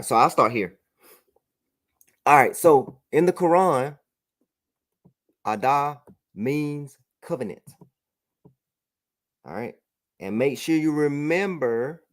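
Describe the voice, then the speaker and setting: A man's voice: mid-range voice, animated, a little slow, pauses often, fairly bright tone. Man teaching a religious class. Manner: checks understanding, repeats "all right" often. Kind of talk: informal religious class over a broadcast.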